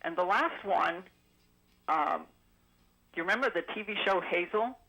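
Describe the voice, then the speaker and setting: Bright-toned chatty woman caller. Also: fairly low pitch, animated, normal speed, highs cut off. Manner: chatty, rambling trivia recall with many ums. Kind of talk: call-in radio chat.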